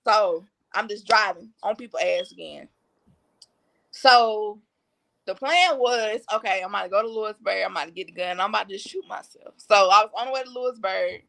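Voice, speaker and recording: A woman talking as a podcast guest, telling her own story in a blunt, slangy, matter-of-fact way. Her voice has a gravelly edge and a bright, forceful tone, sitting at an average pitch. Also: fairly quick. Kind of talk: candid personal storytelling.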